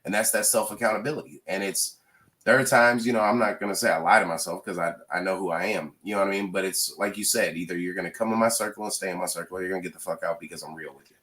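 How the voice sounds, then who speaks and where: Bright-voiced man in swearing casual chat. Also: low-pitched, rapid-fire. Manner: animated, swears freely, bursts into loud laughs. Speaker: podcast co-host.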